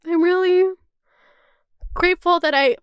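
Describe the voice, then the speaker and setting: A woman's voice: very high voice, fairly even intonation, measured pace, dry recording, clean studio sound. A woman in her twenties talking casually to camera, chatty and full of "like" and swearing. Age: 20s. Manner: chatty, swears freely, heavy use of "like". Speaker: vlogger. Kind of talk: casual chat.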